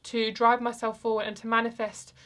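A young woman with a slightly high voice talks her way through a tarot card reading for her viewers. She rambles in a soft, chatty way, full of fillers and restarts, as if thinking aloud. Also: completely flat delivery, fairly quick. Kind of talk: casual tarot reading vlog.

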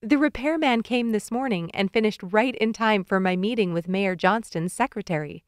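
A woman voicing a brisk, organized mother in an audiobook. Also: mid-range voice, clean tone, dry recording, studio quality, natural voice. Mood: matter-of-fact. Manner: firm, matter-of-fact.

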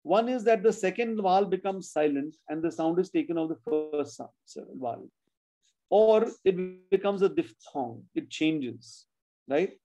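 A man's voice: high-pitched, lively intonation, measured pace, music in the background, poor audio. A man teaching children spelling in an online class, patiently sounding out words letter by letter.

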